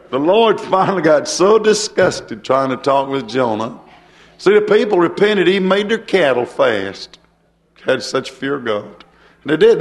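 An older man with a drawl delivers a homespun sermon. His voice sits slightly high for a man, and he chuckles and asks the congregation rhetorical questions. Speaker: preacher. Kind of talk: folksy sermon.

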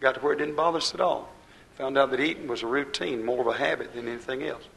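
A man preaching a sermon in a folksy way, talking straight to the congregation and swinging between loud emphatic bursts and low, quiet drops. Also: steady tone, fast talker, vocal fry, low-quality recording. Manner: folksy, addresses the congregation directly.

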